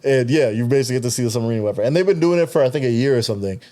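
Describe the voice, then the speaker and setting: A young man co-hosting a podcast, talking in an easy, unhurried way. His voice is mellow and warm, and he laughs often and restarts his sentences as he goes. The talk is loose and casual throughout. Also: mid-range voice. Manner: laid-back, laughs often, trails off in restarts. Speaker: podcast co-host. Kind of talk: casual chat.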